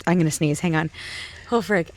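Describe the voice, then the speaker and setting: Candid chatty woman, low, dry close sound. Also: a little fast, no room sound. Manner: candid, conversational, many fillers. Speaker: podcast co-host. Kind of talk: casual chat.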